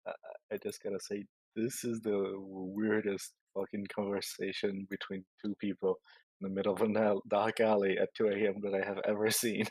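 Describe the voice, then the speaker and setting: A man's voice: on the low side, flat delivery, normal speed, a little mellow, slightly rough, no room sound, rough recording. A man playing a tabletop role-playing game, joking around in casual chat. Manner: joking, laughing. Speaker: player.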